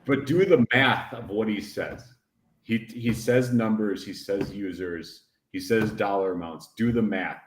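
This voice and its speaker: A man's voice: on the low side, unhurried, echoey room, slight background noise. A man co-hosting a casual livestream chat, rambling and emphatic, often breaking into laughter. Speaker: podcast co-host.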